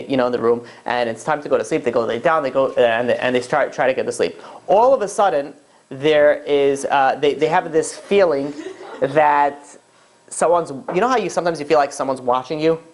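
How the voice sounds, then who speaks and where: A man's voice: on the high side, moderate pace. Rambling man telling stories in class. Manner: rambling, many fillers and restarts. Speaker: rabbi teaching a class. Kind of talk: casual storytelling lecture.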